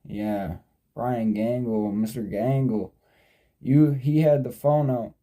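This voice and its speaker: A man's voice: mid-range voice, fairly even intonation, slow pace, warm tone. A young man in his twenties vlogging, telling a story in a casual, rambling way, swearing freely and often sidetracking and correcting himself. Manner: digressive, profane, sidetracks and self-corrects.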